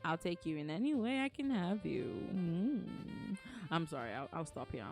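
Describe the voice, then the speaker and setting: A woman's voice: lowish voice, lively intonation, moderate pace, a little mellow, faint music behind. A woman streamer chatting casually with her viewers, playful and teasing, putting on mock anger and laughing often. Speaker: streamer reading to chat.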